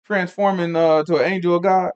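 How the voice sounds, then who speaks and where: A man teaching a Sabbath Bible lesson in an animated, rambling way, laughing often and breaking into emphatic asides. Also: sits high, brisk, clear, resonant tone, muffled recording.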